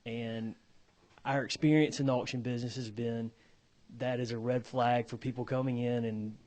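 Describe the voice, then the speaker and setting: A man giving committee testimony as an auctioneer, halting and repeating words as he explains. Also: mid-range voice, steady tone, a little mellow.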